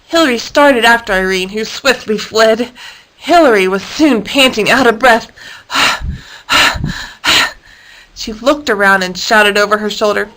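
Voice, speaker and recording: A woman reading a children's animal story aloud in a lively, expressive way. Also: mid-range voice, unhurried, poor audio.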